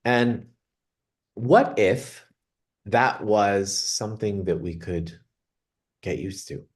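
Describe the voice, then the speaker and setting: A man leading a group meditation on a video call, speaking earnestly and reflectively, slowing down on words he wants to stress. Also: fairly low pitch, breathy edge. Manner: earnest, reflective, slows down for emphasis. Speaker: meditation guide. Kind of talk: spiritual talk opening a group meditation.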